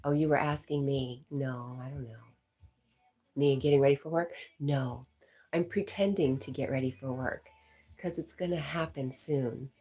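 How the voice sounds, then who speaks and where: A middle-aged woman hosting a livestream from home on a laptop mic. She chats casually, reads viewer comments aloud and laughs often, clearly amused by herself. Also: extremely low pitch, normal speed, warm tone, low-quality recording. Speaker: livestream host.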